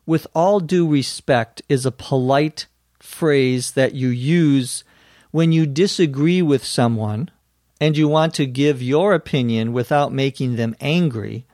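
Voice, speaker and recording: Slow, careful male English teacher. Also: medium pitch, darkish tone, dry recording, clean studio sound. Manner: slow, careful, deliberate delivery. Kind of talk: explaining phrases in a lesson.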